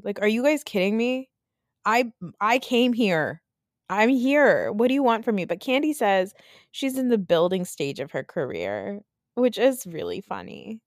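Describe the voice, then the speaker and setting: A woman's voice: medium pitch, no echo, studio quality. A woman with the flu ranting in a blunt, sarcastic way on a casual podcast, talking from her bed. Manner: ranty, blunt and sarcastic, swears freely. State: sick with the flu. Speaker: podcast host. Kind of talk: casual reality TV recap. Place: in bed at home.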